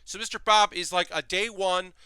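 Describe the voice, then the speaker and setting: A man's voice: sits high, steady tone, normal speed, pushed and bright, smooth, no echo. A man hosting a live stream in casual, rambling chat, reading messages from his chat aloud as he builds model kits.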